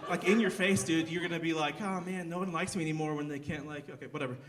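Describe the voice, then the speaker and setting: A man's voice: on the high side, fairly even intonation, quick pace, a bit bright, slight background noise. A young man doing a live stand-up set, rambling and self-deprecating, with lots of fillers and restarts. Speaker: stand-up comedian. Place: theater stage.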